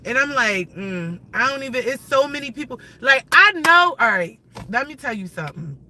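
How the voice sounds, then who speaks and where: A woman hosting a casual livestream, ranting in an animated, profane and rambling way. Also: sits high, moderate pace, rough recording. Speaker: livestream host.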